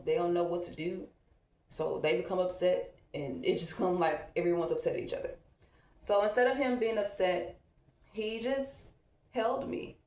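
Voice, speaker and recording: A woman's voice: medium pitch, warm tone. A woman, a mom talking candidly and reflectively while she gets ready at home. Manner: candid, reflective, loose conversational delivery. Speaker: vlogger, mom. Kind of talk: casual get-ready-with-me chat. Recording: echoey room.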